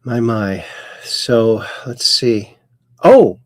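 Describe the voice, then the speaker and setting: A man hosting a casual livestream, slowly reading chat messages aloud with sudden bright upswings. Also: mid-range voice, expressive, creaky, dry recording, studio quality. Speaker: host.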